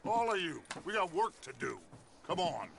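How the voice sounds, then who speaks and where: A man's voice: high-pitched, sing-song, moderate pace, vocal fry, heavily acted. A man voicing a commanding, theatrical middle-aged outlaw gang leader in a western video game. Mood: angry. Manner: forceful, theatrical orator. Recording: game audio with horses and wind.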